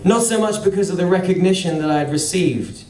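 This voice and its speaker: A man's voice: sits high, brisk, mellow, a little hiss or hum. A man telling a wry, sardonic story as spoken-word storytelling at a live venue. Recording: roomy venue, mic at a distance.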